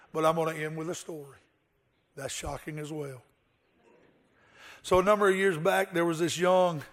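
A male pastor delivering an earnest sermon, with rhetorical questions and a told story. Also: fairly high pitch.

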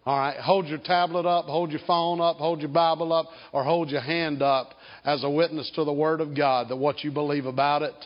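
A man preaching a sermon as pastor. He speaks slowly and emphatically, draws out key words, and leads the congregation in call and response. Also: fairly high pitch, fairly even intonation. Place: church sanctuary. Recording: dull sound with long hall reverb.

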